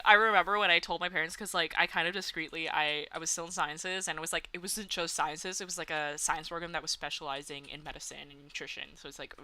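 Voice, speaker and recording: Young streamer chatting while gaming, laughs a lot, bright voice. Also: mid-range voice. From Canada. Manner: chatty, giggly, many "like" fillers. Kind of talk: casual chat while gaming.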